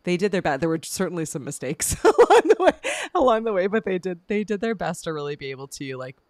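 Podcast co-host, loose and rambling, mid pitch, dead-dry close mic. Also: big pitch swings, fast talker, darkish tone, no echo. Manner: rambling, lots of fillers and restarts, laughs often. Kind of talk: casual film review chat.

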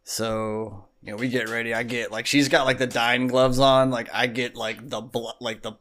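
A podcast co-host tells a long story in casual chat, rambling with many fillers and asides. His voice is medium-pitched and a bit bright, with a level tone and moderate pace.

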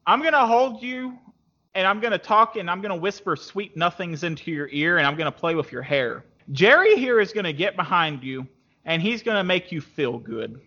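A man's voice: high-pitched, lively intonation, normal speed, pushed and bright, heavily acted. A man voicing a pair of male Bigfoot creatures who talk in an offhand, nonchalant way, in a dull lo-fi recording.

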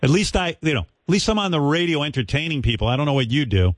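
A man's voice: on the high side, fast talker, no room sound. A man hosting a radio show, ranting and mocking in a profane, casual way from a studio. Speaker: radio host.

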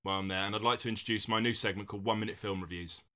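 A man co-hosting a casual comedic podcast, rambling and acting out film scenes with big jumps in pitch. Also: fairly even intonation, very fast, bright, forceful tone. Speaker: podcast co-host.

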